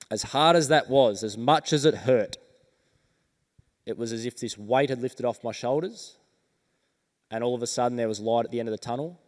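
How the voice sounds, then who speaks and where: Through a stage microphone, a medium-pitched Australian man with a darkish, smooth, resonant tone delivers a motivational keynote. He recounts his story in an unhurried, earnest way, pausing deliberately, while the vast event hall adds a long, ringing reverb.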